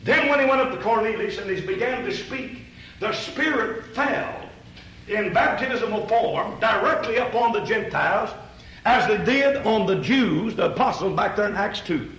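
A man's voice: high-pitched, animated, moderate pace, fairly bright tone, reverberant, poor audio. A man preaching a sermon in a folksy, conversational way, addressing listeners directly and asking rhetorical questions.

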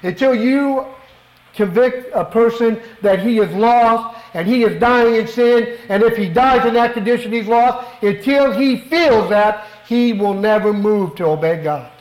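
A man's voice: extremely high pitch, unhurried, darkish tone, echoey room, low-quality recording. A middle-aged man preaching a sermon in a church, fervent and emphatic, often asking the congregation rhetorical questions. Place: church worship hall.

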